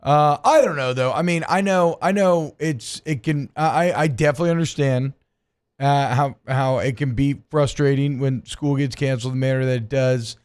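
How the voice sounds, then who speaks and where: A man's voice: medium pitch, moderate pace, a little mellow, clear, resonant tone. A man hosting a sports radio show in a studio, chatting casually with many restarts and jokes. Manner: rambling, jokey, many restarts.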